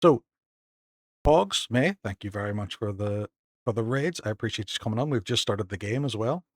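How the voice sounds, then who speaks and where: A Northern Irish man streaming a game live, chatting casually with viewers and thanking them, excitable and self-mocking. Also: lowish voice, moderate pace, no echo. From Northern Ireland.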